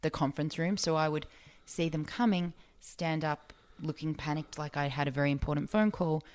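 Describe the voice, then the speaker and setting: A woman's voice: deep voice, fairly even intonation, moderate pace, a little mellow. A woman in her thirties from Australia with an Australian accent, a guest telling stories in casual chat with lots of fillers. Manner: chatty storyteller, many fillers.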